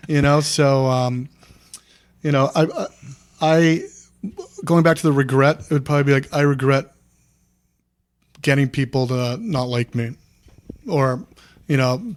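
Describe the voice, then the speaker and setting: A man in his thirties, a former wrestler, talking candidly as a podcast guest in a rambling, earnest way full of restarts. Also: mid-range voice. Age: 30s.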